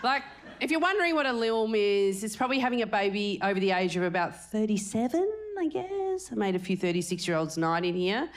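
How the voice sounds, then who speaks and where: A woman's voice: mid-range voice, very animated, brisk. A woman in her forties doing live stand-up comedy, brash and crude as she teases the crowd. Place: stage before a live audience. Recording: live show with audience noise.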